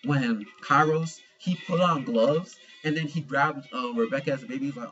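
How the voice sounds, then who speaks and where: A man's voice: mid-range voice, moderate pace, few pauses, a bit bright, highs cut off, faint music behind. A young man giving a casual manga chapter review, slangy and profane, retelling scenes with animation.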